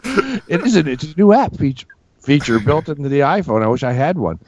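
A man's voice: on the high side, very animated, moderate pace, darkish tone, slight background noise. A man co-hosting a podcast, joking and swearing casually while he has the hiccups. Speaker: podcast co-host. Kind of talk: casual chat.

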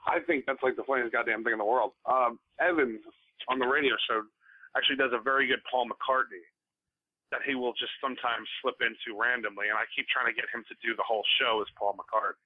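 A man's voice: mid-range voice, fairly even intonation, slightly rough, dry recording. A man chatting casually on a podcast, easygoing and talkative. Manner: easygoing, chatty, quick to laugh along. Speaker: podcast guest. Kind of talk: casual chat. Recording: tinny phone-like sound.

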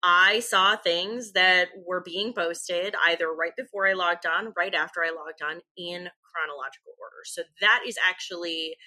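A woman in her thirties chatting casually as a co-host. Her voice is bright and forceful, and she keeps up a lively, joking tone full of asides. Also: lowish voice, normal speed, few pauses. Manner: chatty, animated, jokey asides. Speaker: podcast co-host. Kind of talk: casual chat.

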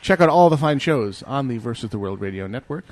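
A man's voice: medium pitch, animated, brisk, no room sound. A man hosting a casual podcast, wrapping up the episode with playful, laughing, mock-grand announcements. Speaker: podcast host.

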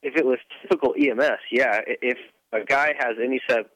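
A man in a casual motocross chat, easygoing and explaining calmly with lots of fillers. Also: medium pitch, fast talker, dry recording, rough recording. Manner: easygoing, hedging with fillers, explains medical procedure.

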